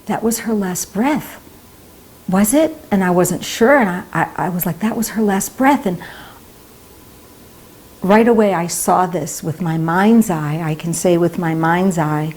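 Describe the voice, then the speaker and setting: A woman's voice: medium pitch, a little mellow. A woman speaker at a temple talk, telling a personal story in an earnest way and acting out the voices she quotes. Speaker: devotee speaker.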